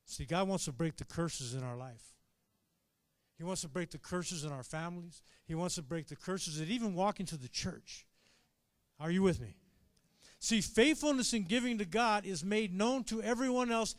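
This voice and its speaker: A pastor preaches to his congregation with animation, calling out for amens and swinging from quiet asides to shouted high points. The recording has no room sound.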